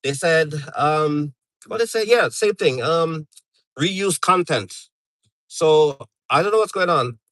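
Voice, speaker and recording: A man's voice: fairly high pitch, expressive, slow pace, a bit bright, no echo, rough recording. A middle-aged man from Canada chatting casually on a live stream, rambling with lots of fillers and restarts.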